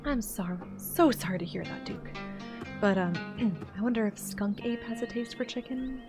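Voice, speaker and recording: A woman's voice: fairly high pitch, normal speed, over music, natural voice. A woman voicing an eager young woman who hunts monsters on video, in a voiced-over game, earnest and pleading. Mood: teasing.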